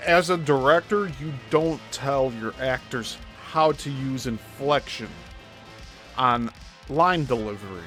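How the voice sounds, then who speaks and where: A man's voice: medium pitch, measured pace, fairly bright tone, soft background music. A male host giving critical commentary on a played clip, explaining his points step by step.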